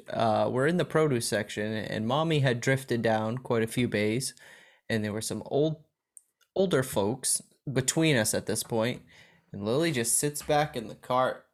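A man hosting a casual podcast who reads out the questions and tells stories with frequent laughs. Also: mid-range voice. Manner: giggly, upbeat question-asker. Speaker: podcast host asking the questions. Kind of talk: casual chat.

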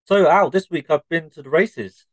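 A man co-hosting a comedy podcast, telling drawn-out joke stories in a deadpan way. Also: a little high, no echo, poor audio. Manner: deadpan, drawn-out shaggy-dog storytelling. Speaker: podcast co-host.

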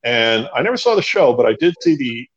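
A man's voice: mid-range voice, very animated, a little fast, a bit bright, husky, lo-fi sound. A man being interviewed as a guest, talking emphatically, hammering points home by repeating words. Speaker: bunker company founder, interview guest. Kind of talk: conversational interview.

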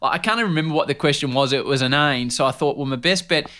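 A man in his forties with an Australian accent, a sports broadcaster chatting as a guest and telling lively anecdotes, often calling his listener mate. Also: fairly high pitch, racing. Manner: animated, laughing anecdotes, keeps saying mate. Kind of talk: casual storytelling chat.

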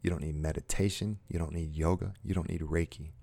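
A man speaking earnestly to his viewers in a motivational monologue, slow and emphatic, repeating short phrases. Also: deep voice, fairly even intonation, vocal fry, dark tone, slightly rough. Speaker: self-help speaker.

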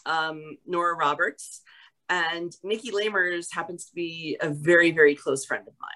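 Woman guest from New York, bright tone, animated storyteller, casual interview chat. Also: lowish voice, moderate pace, rough recording. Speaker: guest, actress.

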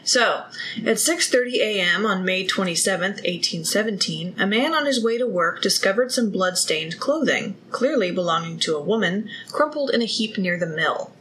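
A woman's voice: mid-range voice, lively intonation, moderate pace, a bit bright, a little hiss or hum, poor audio. A woman hosting a podcast, telling a true-crime case in a chatty way and breaking off for jokes. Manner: chatty, reads case notes then riffs with jokes. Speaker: podcast host. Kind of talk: casual true-crime storytelling.

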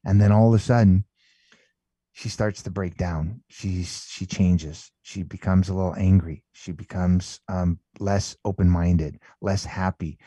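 A man's voice: low-pitched, steady tone, a little slow, warm tone, no echo. A man, the author being interviewed, telling a long story in an emphatic conversational way, repeating words and tagging lines with "right?" and "man". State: emotional while telling story. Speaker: author and guest.

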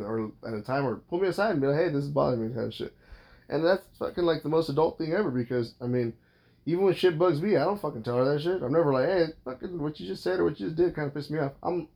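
A young adult man talks on his own podcast in a loose, meandering monologue. He is blunt and swears constantly, restarting his sentences as he goes. His voice sits at an ordinary middle pitch. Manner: blunt, rambling, heavy swearing. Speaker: podcast host. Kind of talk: casual monologue.

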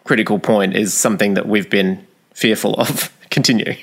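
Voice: deep voice, steady tone, normal speed, vocal fry, a bit bright, breathy edge. Playful podcast co-host. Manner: playful, teasing interjections. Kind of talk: casual chat.

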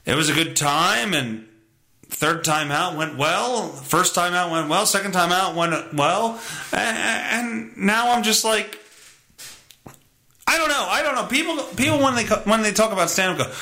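A man's voice: sits high, expressive, unhurried, pushed and bright. A young man hosting his own podcast, rambling casually in a profane, self-mocking way. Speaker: podcast host. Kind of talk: casual solo podcast monologue.

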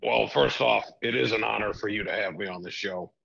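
A man doing an impression of a boastful, sleazy older wrestling boss, rambling and brash with a gravelly voice. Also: lowish voice, pushed and bright, highs cut off, heavily acted. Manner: brash, rambling with drawn-out filler sounds.

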